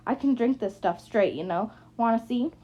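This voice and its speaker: A woman's voice: a little high, normal speed, warm tone, close to an everyday voice. Woman reading as a bitter, drunk young sister. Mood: taunting. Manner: taunting, accusing, slurring anger. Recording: muffled lo-fi recording.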